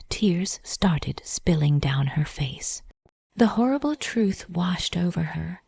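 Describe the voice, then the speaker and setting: A woman tells a dramatic story in whispered role-play, her breathy whisper low, dark and gravelly. The sound is close and dry, with no room around it. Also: animated, slow, no room sound. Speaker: narrator.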